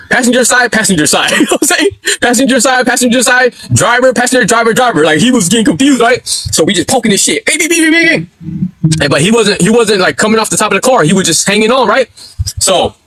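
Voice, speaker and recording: A man with a high, husky voice races through a wild story on his livestream. His delivery is slangy and full of swearing, and he jumps into loud acted-out shouts and laughs. The sound is close and dry. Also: fast, no echo. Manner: animated, acts out quotes with yelps and laughs; slangy street talk, swears freely. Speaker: livestream host.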